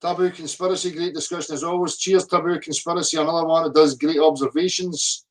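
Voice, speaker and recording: A man's voice: fairly high pitch, steady tone, fast talker. A middle-aged man, ranting profanely at viewer comments, abrasive and mocking. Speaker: flat earth video commentator. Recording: voice a bit distant from the mic.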